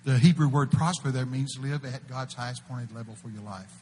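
A man preaching a sermon, telling folksy stories and breaking out to shout quoted prophecies before dropping to a hush. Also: medium pitch, brisk, hardly any pauses, in a large hall, a little hiss or hum. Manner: animated, folksy, shouts out quoted prophecies, swings between loud and hushed. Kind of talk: sermon with storytelling. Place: church.

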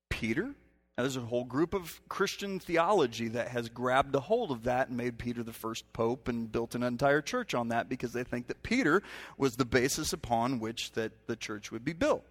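A man preaching a sermon from a stage, talking conversationally and then breaking into sudden emphatic rises. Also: medium pitch. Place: stage in a church hall. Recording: long hall reverb.

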